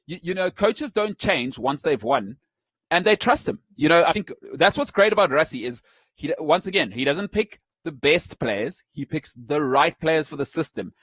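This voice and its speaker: A man hosting a sports talk show, teasing his co-host in a playful, animated way. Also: fairly high pitch, moderate pace, breathy edge, dry recording.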